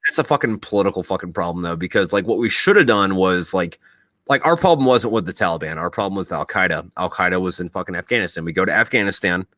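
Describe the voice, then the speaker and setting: A male podcast host and military veteran swaps war stories in casual chat, swearing freely. His voice sits fairly low but comes across bright and forceful. The sound is close and dry. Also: quick pace, no echo. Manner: profane, animated storytelling.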